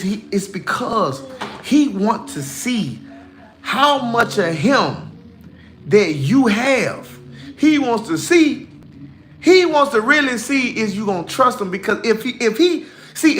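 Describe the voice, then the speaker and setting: A man's voice: high-pitched, expressive, normal speed, a bit bright, faint music behind. A man giving casual, emphatic spiritual encouragement on a livestream, folksy and repeating himself for emphasis.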